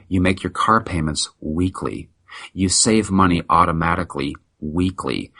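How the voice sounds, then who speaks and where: A middle-aged man with a very low voice pushes a motivational sales pitch with blunt, preachy emphasis. His tone is tense and driving, and there is a husky grain to it. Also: normal speed, bright, forceful tone. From United States. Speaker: practice consultant guest.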